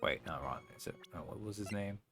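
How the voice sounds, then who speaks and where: Gravelly man chatting over a game. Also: fairly low pitch, brisk, a bit bright, soft background music. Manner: rambling, self-deprecating asides. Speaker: let's play host. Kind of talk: casual gameplay commentary.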